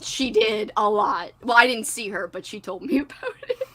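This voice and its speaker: A woman's voice: on the high side, lively intonation, moderate pace, pushed and bright. A woman hosting a casual livestream chat, giggling often and reading chat comments aloud. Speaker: livestream host.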